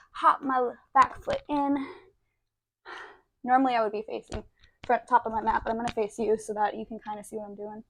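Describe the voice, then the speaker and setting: A young woman giving a casual, chatty yoga demonstration, a little out of breath from moving through poses. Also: mid-range voice. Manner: chatty, self-deprecating, demonstrating poses while talking. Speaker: yoga instructor. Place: indoor room, yoga mat.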